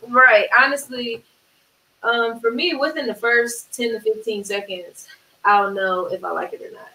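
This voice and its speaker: A woman, a music producer, chatting casually in an interview, agreeable and quick to chime in. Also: fairly high pitch, pushed and bright. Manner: agreeable, talks in quick bursts, many "yeah"s. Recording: roomy, distant mic with faint hiss.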